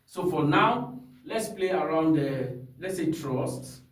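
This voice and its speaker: A man's voice: a little high, animated, takes it slowly. A man teaching a singing lesson, explaining step by step and checking in often with his student. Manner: instructive, checks in often with "hmm?" and "you understand?". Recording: echoey room, mic far off.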